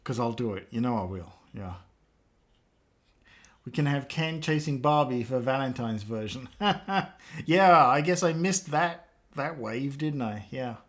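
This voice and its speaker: A man's voice: medium pitch, expressive, a little slow. A man, chatting casually with live chat viewers while he works, joking around and laughing often. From England. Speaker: live streamer.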